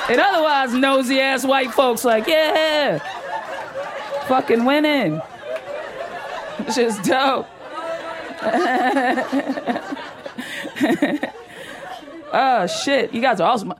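A woman's voice: high voice, animated, drawn-out words, long pauses, crowd noise, background noise. Woman, stand-up comedy set, brash and profane, laughing, on stage. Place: comedy stage before an audience.

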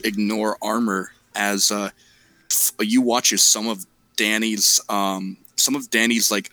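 A man narrates as game master, spinning out descriptions of the action as he improvises. His voice sits low but has a forceful, bright edge. The sound is close and dry. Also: no room sound, low-quality recording. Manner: descriptive, restarts phrases while improvising.

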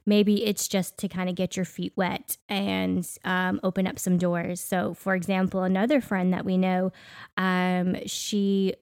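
A woman's voice: lowish voice, little pitch movement, a little slow, a little mellow, clean tone, no echo, clean studio sound. A woman in her thirties co-hosting a podcast in casual, reflective chat with frequent fillers. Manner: conversational, reflective, many fillers. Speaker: podcast co-host.

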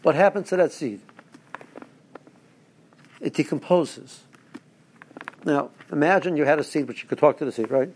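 A man's voice: fairly high pitch, normal speed, pauses often, a little mellow, a little hiss or hum. A man, a rabbi, giving a rambling Torah talk to his listeners with stories and asides. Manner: rambling, restarts, storytelling asides.

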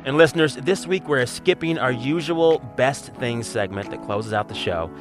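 A man hosting a radio interview from home, chatty and quick to laugh. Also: mid-range voice, lively intonation, music in the background. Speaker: radio show host. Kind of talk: conversational interview.

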